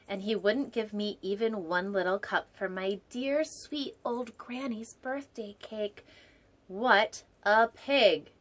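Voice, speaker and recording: A storytime host with a mid-range, slightly bright voice reads a picture book aloud, pausing for playful, digressive jokes and occasionally whispering an aside.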